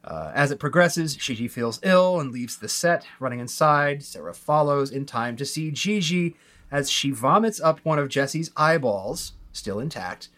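A man's voice: medium pitch, lively intonation, measured pace, fairly bright tone. A man co-hosting a podcast, walking through a film's plot in casual chat with lots of ums and restarts. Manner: plot summary with many fillers and restarts. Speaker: podcast co-host. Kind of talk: casual chat recapping a film.

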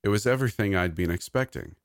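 Low-voiced man narrating a horror story. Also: animated, fast talker, no room sound, studio quality.

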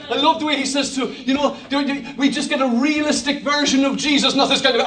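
An Irish pastor preaching a humorous, lively sermon, rising to shouts at high points. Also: male voice, fast talker, reverberant, recorded from a distance.

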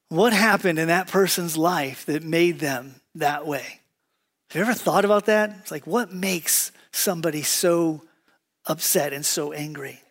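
A male pastor giving a sermon, praying and telling funny stories in a relaxed, conversational way to his congregation. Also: high voice. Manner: conversational, joking, animated quoting. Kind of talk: sermon with prayer and humorous stories. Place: church sanctuary with congregation.

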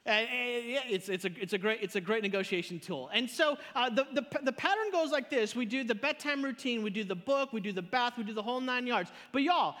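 Pastor delivering a live sermon, very high-pitched man's voice, animated storyteller, long church-hall reverb. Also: brisk, hardly any pauses. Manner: animated storytelling with repeated words and big pitch swings. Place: church auditorium.

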